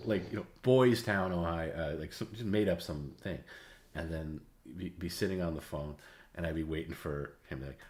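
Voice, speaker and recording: A man with a very low, deep voice hosts a livestream and tells stories in a loose, casual way. He rambles, stops and starts, and repeats his words as he goes. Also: moderate pace, a little mellow. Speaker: livestream host. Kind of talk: casual storytelling.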